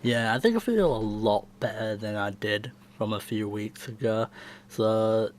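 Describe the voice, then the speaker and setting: A man's voice: fairly low pitch, measured pace, slight background noise. A young man casually answering viewer questions on his channel, talking in a chatty, rambling way and often laughing. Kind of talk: casual Q&A chat.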